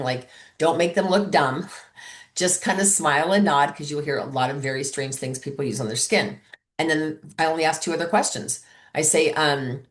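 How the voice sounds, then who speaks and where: A deep-voiced woman speaks briskly as a sales trainer. She coaches her sales team in an upbeat way, acting out sample calls and texts as she goes.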